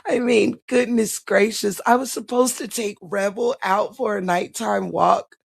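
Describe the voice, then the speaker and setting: A woman's voice: mid-range voice, steady tone, measured pace, creaky, husky. A woman live streaming, chatting casually with her viewers in a gushing, theatrical, giggly way and slipping into a mock-dramatic diary recital.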